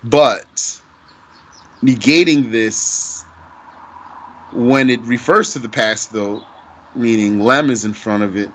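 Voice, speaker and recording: A man teaching Arabic grammar, explaining deliberately and asking himself rhetorical questions. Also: mid-range voice, slight background noise. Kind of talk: recorded grammar lesson.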